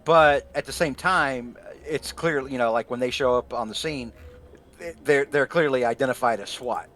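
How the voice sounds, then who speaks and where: A man's voice: medium pitch, moderate pace, fairly bright tone. A man running a tabletop game as game master, chatting casually and rambling with plenty of fillers and restarts.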